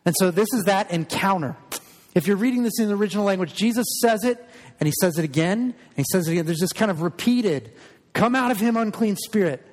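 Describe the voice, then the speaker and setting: Male pastor, earnest sermon, emphatic, higher-pitched voice, long echoing church reverb. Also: expressive, quick pace, a little mellow. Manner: earnest and emphatic, repeats words.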